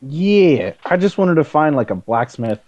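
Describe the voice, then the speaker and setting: A man's voice: fairly high pitch, big pitch swings, unhurried, a little mellow, no room sound, dull audio. A man playing a tabletop game, polite and hesitant. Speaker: player. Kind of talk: casual tabletop play.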